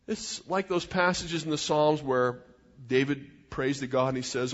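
A man's voice: medium pitch, moderate pace. A middle-aged man preaching a sermon as a pastor, in an earnest, conversational way with personal asides. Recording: dull sound in a reverberant hall.

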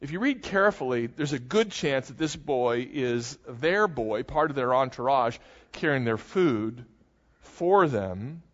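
A man's voice: mid-range voice, lively intonation, unhurried, a bit bright. Man preaching in an echoing hall. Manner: conversational, explanatory, with dry asides. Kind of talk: expository sermon. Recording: dull sound with long hall reverb.

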